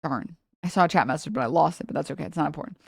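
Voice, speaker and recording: A woman's voice: deep voice, rapid-fire, creaky, husky, no room sound, studio quality. A woman live streamer ranting about politics to her chat, blunt, sarcastic and profane, often laughing mid-sentence. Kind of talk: casual political rant to chat.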